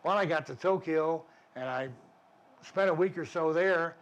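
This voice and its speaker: A man's voice: fairly high pitch, moderate pace. An older man, an army veteran, recounting his war memories in a vivid, plainspoken way with frequent restarts. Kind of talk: war memoir storytelling.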